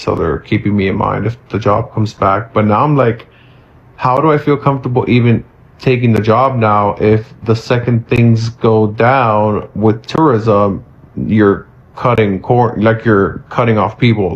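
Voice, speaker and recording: A man talking casually in a stressed, dejected way, hesitant and full of fillers. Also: lowish voice. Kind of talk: casual chat to camera. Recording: dull lo-fi audio.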